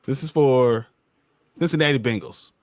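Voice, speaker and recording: A man's voice: medium pitch, moderate pace, no room sound. A man co-hosting a casual sports podcast, mock-ranting with exaggerated frustration and frequent laughter. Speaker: podcast co-host.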